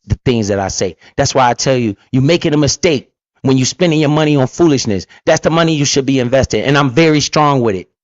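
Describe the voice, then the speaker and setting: A man's voice: mid-range voice, no room sound. A man giving heated, profane reaction commentary about investing, preaching hard at his listeners. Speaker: finance commentator reacting to a clip. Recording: dull lo-fi recording.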